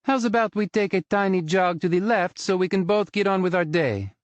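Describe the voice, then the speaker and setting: A man's voice: high-pitched, lively intonation, brisk, dry recording, pitched above the performer's own voice. A man voicing a sassy, defiant young woman pilot who mocks and taunts. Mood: mocking. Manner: mocking, cocky.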